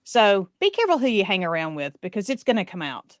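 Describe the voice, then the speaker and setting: A woman with a light Southern accent joins a podcast over a video call for a casual interview, lively, joking and laughing often. Her middle-pitched voice is captured close and dry, free of room sound or echo.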